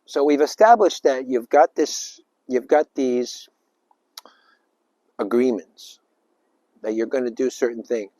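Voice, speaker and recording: A man giving an informal spiritual talk, rambling and emphatic, with sudden loud bursts and little acted-out voices. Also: mid-range voice, takes it slowly, pauses often, dry recording. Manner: acts out little voices and sounds. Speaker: spiritual speaker.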